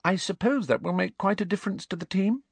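A man's voice: sits high, gravelly, breathy edge, no echo, pitched above the performer's own voice, heavily acted. A man voicing a clever, earnest teenage girl who lectures her friends in a storybook reading. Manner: earnest, lecturing, slow emphatic delivery.

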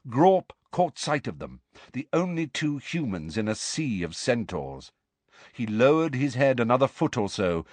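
A man narrating an audiobook in a measured, dramatic storytelling manner. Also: lowish voice, no echo. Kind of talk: scripted narration.

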